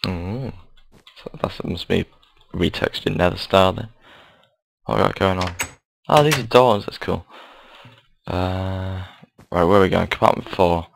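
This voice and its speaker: Low-voiced lad gaming. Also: male voice, a little slow, gravelly, long pauses, a little hiss or hum, rough recording. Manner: casual, rambling, apologetic. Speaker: gamer. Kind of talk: game commentary and storytelling.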